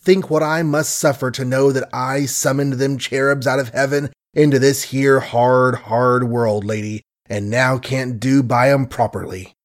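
Man doing a grimy male tramp, rough dialect, whining and greedy, medium-low voice, storybook reading. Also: steady tone, a little slow, hardly any pauses, lightly acted. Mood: wheedling. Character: grimy male tramp, wheedling then menacing. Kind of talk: audiobook character voice.

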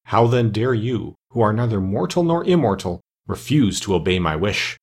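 An ancient, bearded master of all forests speaks with calm, stern authority, as a male narrator puts him on. The voice sits low and carries a husky grain. Every word is measured and grave.

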